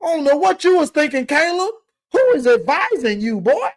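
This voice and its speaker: A man's voice: very high voice, very animated, moderate pace. A man hosting a call-in sports show, teasing and laughing through a casual rant.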